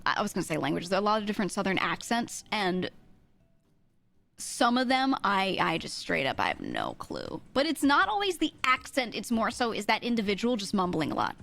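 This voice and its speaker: A woman's voice: mid-range voice, fairly quick, creaky, soft background music. A young woman streamer, chatting casually with chat, laughing often and swearing freely. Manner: laughing, swearing, animated asides.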